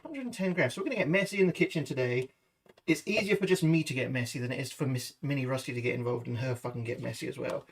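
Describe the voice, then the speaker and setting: A fast-talking British man with a medium pitch, vocal fry, and a breathy edge hosts a cooking livestream from his home kitchen. He chats loosely with his viewers and doesn't hold back on swearing.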